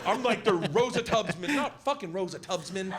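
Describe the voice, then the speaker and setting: Casting: male stand-up comic, rowdy and profane, high and lively voice, noisy live recording. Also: normal speed. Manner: rowdy, profane, laughing through the story. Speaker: stand-up comedian. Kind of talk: stand-up storytelling.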